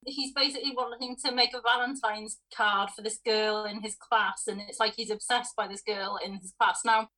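A woman's voice: on the high side, fairly even intonation, normal speed, few pauses, pushed and bright, rough recording. A woman, co-hosting a film podcast in casual chat, laughing often. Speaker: podcast co-host.

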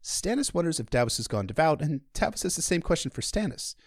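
A man hosting a podcast, retelling a book in a casual, chatty way with irreverent asides. His pitch swings about lively as he talks. The recording is dry and close. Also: fast talker, no room sound. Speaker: podcast host.

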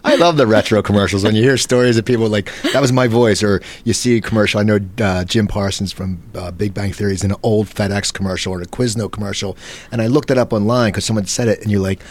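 A man hosts a casual interview, talking fast in a slightly low voice. He is chatty and enthusiastic as he keeps the conversation moving. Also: fairly even intonation. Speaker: interview host.

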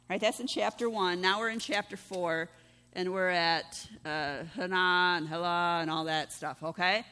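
A woman pastor preaches in a chatty, questioning way, often checking in with her listeners. Her voice sits a bit high and rings bright. The sound trails off in the long reverb of a large church hall. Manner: conversational, peppered with rhetorical "right?". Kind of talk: sermon.

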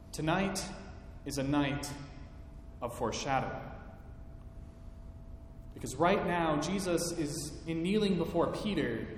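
A male pastor delivering a sermon, slow and deliberate with dramatic pauses. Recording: echoey hall, faint rumble.

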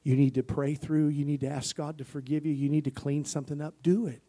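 A male pastor preaching a sermon, swinging between loud bursts and soft near-whispers and calling for amens. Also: fairly high pitch, fairly even intonation, fairly quick.

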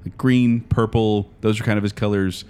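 A man's voice: on the low side, normal speed, clear, resonant tone. A young man co-hosting a comedic podcast, playing along with a made-up scenario and reading out facts with energy. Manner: energetic, explains facts, plays along with the bit. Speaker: podcast co-host. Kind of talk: comedic role-play chat.

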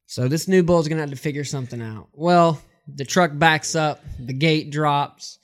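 A man telling a long farm joke on a podcast, in a relaxed, unhurried storytelling manner. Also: on the high side. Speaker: podcast co-host.

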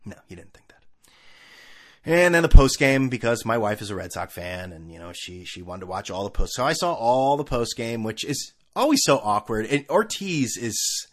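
A middle-aged man hosting a casual sports rant, animated and laughing, often mimicking people in funny voices. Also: medium pitch, moderate pace.

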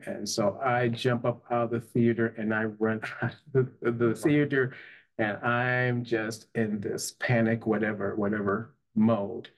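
A man, a psychotherapist and life coach, telling an emotional personal story in earnest, often checking in with "right?" and "you know". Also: mid-range voice. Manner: earnest, tag questions, frequent "you know".

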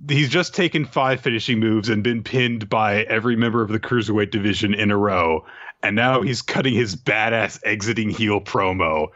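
Male host, bright and tense tone, animated comic recap, dull lo-fi audio. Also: lowish voice. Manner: animated, laughing, acts out quotes in comic voices. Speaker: podcast co-host. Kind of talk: casual chat recapping a manga chapter.

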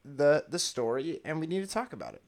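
Smooth-voiced man in animated chat. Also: a little high, a little fast. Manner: rambling, animated, laughs often, restarts. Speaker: podcast co-host. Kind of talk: casual discussion.

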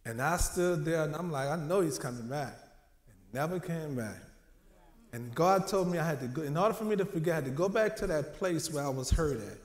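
A man's voice: on the high side, expressive, brisk. Emotional preaching man in an echoey church. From New Orleans. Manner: emotional, conversational preaching with dramatic quotes. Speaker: minister. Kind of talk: sermon.

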